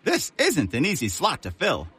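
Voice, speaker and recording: An actor playing a cheerful, folksy hotline manager. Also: male voice, a little high, wildly swooping pitch, normal speed, a bit bright, slightly rough, exaggerated voice. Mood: friendly. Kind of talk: audio drama acting.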